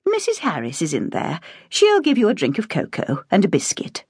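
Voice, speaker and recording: A woman voicing a gentle, caring woman who speaks softly and reassuringly to a child. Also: medium pitch, huge pitch swings, normal speed, breathy edge, dry recording, studio quality, pitched above the performer's own voice, heavily acted. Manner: gentle, hushed.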